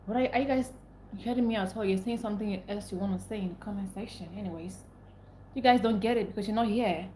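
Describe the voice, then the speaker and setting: A woman's voice: mid-range voice, quick pace, mellow, echoey room, a little hiss or hum. A young woman, venting angrily and repeating herself as she talks to her livestream viewers. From Nigeria. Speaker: livestream host. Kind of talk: casual live stream rant.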